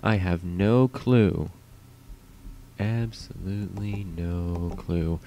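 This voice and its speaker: A man's voice: low-pitched, steady tone, extremely slow, vocal fry, dark tone. A man streaming alone, rambling in a profane, self-mocking way while he waits for his stream to start. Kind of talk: casual solo livestream chatter.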